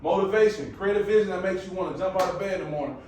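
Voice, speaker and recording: A man with a high voice delivers a live motivational presentation, throwing out casual, preacher-like calls to the room. He sounds far from the mic in a very echoey space with faint background noise. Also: very fast. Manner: energetic, preacher-like call and response; casual, colloquial phrasing. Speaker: motivational speaker. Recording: very echoey room, picked up from afar.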